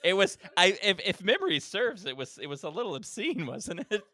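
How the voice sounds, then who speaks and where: A man with a fairly high, lively voice co-hosts a casual podcast and teases his partner with quick quips. His tone is bright and the sound is dry and close. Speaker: podcast co-host. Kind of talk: casual chat.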